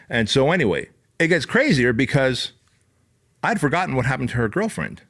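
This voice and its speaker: A male podcast host spins a chaotic personal story in loose, casual speech. He swears freely and throws in "like" and "bro" as he goes, animated throughout. His voice sits at an average male pitch. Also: brisk, slightly rough. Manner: profane, animated, frequent "like" and "bro".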